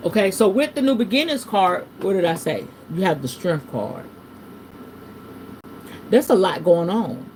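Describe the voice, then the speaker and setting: Animated, salty woman reading tarot live. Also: lowish voice, unhurried, long pauses, slight background noise. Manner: animated and preachy, swinging between hushed and loud; salty, uses curse words. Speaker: tarot reader hosting a livestream. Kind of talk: casual spiritual chat with tarot reading.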